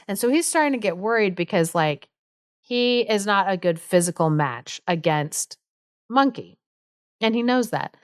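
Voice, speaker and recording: Chatty woman with a smooth, dry voice. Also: mid-range voice, animated, normal speed, no room sound. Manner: chatty, amused, lots of fillers. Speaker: podcast co-host, storyteller. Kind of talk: casual storytelling chat.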